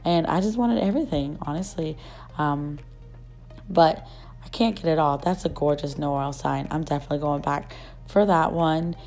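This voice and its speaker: A young woman vlogger, her voice still rough after losing it, chatting and gushing in a casual shop-with-me voice-over. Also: deep voice, normal speed, darkish tone, faint music behind. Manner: gushing, chatty, many fillers. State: rough voice, just recovering.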